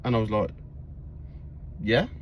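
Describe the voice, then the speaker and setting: A man's voice: medium pitch, expressive, fast, slight background noise. A man from England with an English accent, telling a casual story time and packing it with "like" and "I'm like". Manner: rambling, full of "like" and "I'm like". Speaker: vlogger.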